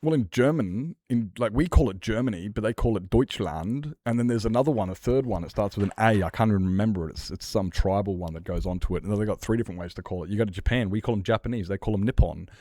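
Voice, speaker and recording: Rambling man, low dry voice. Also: fast, hardly any pauses, dark tone, no echo. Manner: rambling, argumentative, swears casually. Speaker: livestreamer. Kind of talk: casual chat with viewers while gaming.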